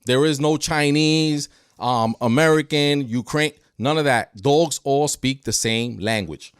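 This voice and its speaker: Animated man, dry close sound. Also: mid-range voice, a little slow, smooth, dry recording. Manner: animated storyteller, acts out dogs and people. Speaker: dog trainer. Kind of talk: casual podcast chat.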